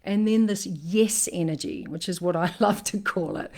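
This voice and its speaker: A woman relationship coach talking in a casual live-streamed monologue, emphatic and animated, often asking "right?". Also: fairly low pitch, normal speed, creaky, slightly rough.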